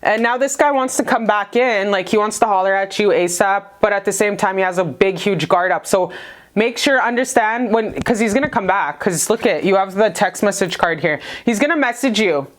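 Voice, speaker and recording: A woman's voice: mid-range voice, normal speed. A woman doing a casual tarot reading for her viewers, chatty and blunt, swearing freely and calling them "you guys". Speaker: tarot reader.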